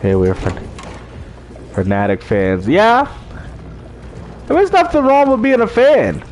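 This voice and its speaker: Laid-back man with a lively voice. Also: high voice, slow, a little hiss or hum. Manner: laid-back, chatty, laughs often. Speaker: live stream host. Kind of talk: casual livestream chat.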